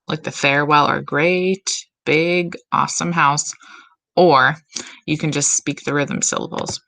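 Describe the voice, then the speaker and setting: A woman music teacher giving slow, step-by-step instructions in a recorded tutorial for her students. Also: sits low, creaky, pushed and bright, rough recording.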